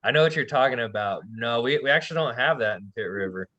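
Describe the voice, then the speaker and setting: A man teaching a language class, relaxed, slowly demonstrating sounds with soft laughs. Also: mid-range voice, muffled recording. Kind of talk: online language lesson.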